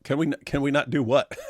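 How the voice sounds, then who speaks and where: A man's voice: mid-range voice, steady tone, moderate pace, dry recording, studio quality. A man co-hosting a casual livestream, joking around and reading viewer comments aloud in put-on voices. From Australia. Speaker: co-host reading live chat.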